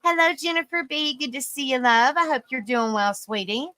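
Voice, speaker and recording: A woman hosts a live stream and reads an article aloud, tired but still bright and somewhat high-pitched. She greets viewers affectionately as sweetie and honey and trips over difficult words. The sound is dry and close, with no room echo. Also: normal speed. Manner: stumbles over hard words and laughs at herself.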